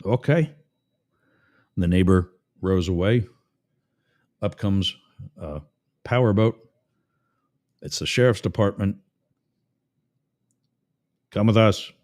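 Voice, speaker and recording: A man hosting a talk radio show, ranting with sarcasm and telling jokes in an animated way. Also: low-pitched, takes it slowly, long pauses. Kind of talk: talk radio monologue with a live-read ad.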